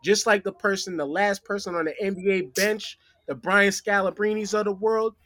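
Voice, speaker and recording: Bright, high-voiced man arguing football. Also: steady tone, normal speed, dry recording, clean studio sound. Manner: opinionated, profane, explains at length. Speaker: podcast guest. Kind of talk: casual sports chat.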